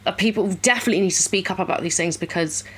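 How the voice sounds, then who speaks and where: Candid, animated woman, low voice. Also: racing, slightly rough. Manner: candid, animated, acts out quoted voices, swears freely. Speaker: podcast guest. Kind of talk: casual podcast chat.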